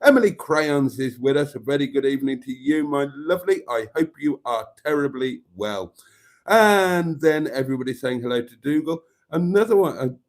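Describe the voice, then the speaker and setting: A man's voice: mid-range voice, lively intonation, normal speed. A man hosting a casual live stream, reading out viewer comments and greeting viewers by name. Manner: chatty, reads viewer comments aloud and greets them.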